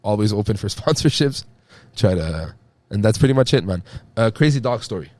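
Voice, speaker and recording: A man hosting a podcast, chatting casually, swearing a lot and saying "bro" constantly while telling animated stories. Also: fairly low pitch, brisk, no room sound. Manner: profane, says "bro" constantly, animated storytelling. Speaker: podcast host. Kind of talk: casual chat.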